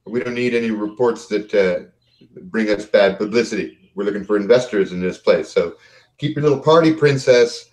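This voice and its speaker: A man voicing a brisk female security boss who gives curt, condescending warnings in a tabletop game. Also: lowish voice, darkish tone, lightly acted, poor audio.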